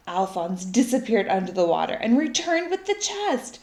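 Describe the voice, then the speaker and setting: Lively woman reading a children's story. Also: a little high, normal speed, few pauses. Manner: expressive and lively. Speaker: storybook reader. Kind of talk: children's story read aloud. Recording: echoey room.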